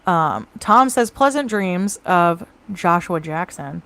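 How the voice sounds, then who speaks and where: A woman co-hosting a live show over a home mic, chatting casually and reading out viewer comments with quick asides. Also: lowish voice, expressive, a bit bright. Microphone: home mic on a video call.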